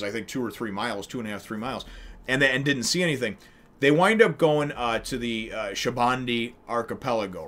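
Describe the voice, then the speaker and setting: A man hosting a casual comic review, talking in an excitable, rambling way and swearing freely. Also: medium pitch. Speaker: comic reviewer and channel host.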